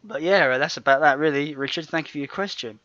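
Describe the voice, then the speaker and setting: A man's voice: fairly high pitch, fast talker, fairly bright tone, no room sound. Male podcast co-host, chatty and self-correcting, dry and slightly dull sound. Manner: rambling, self-correcting, laughs often. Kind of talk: casual podcast chat.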